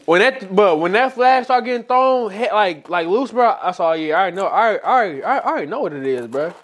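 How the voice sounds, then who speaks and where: High-voiced man in heated sports banter. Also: fast talker. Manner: animated, repeats himself, slangy. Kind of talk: casual sports chat.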